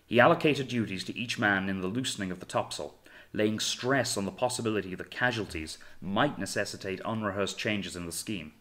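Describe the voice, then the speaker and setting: Low-voiced male audiobook narrator. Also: a bit bright. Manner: measured, dramatic storytelling. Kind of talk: scripted narration.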